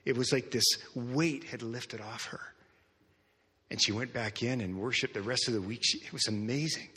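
An earnest male pastor preaches, moving between hushed passages and raised, emphatic ones. His voice is bright and forceful with a husky edge. He is heard in a church with a long, ringing reverb. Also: mid-range voice, moderate pace. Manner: earnest, repeats words, swings from soft to loud. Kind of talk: sermon storytelling.

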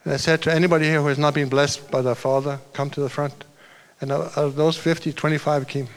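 A male pastor delivers a sermon in an informal, storytelling way, circling back and correcting himself as he goes. His speaking voice sits a little higher than most men's. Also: little pitch movement, fast talker, clear, resonant tone. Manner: loose storytelling, restarts and asides.

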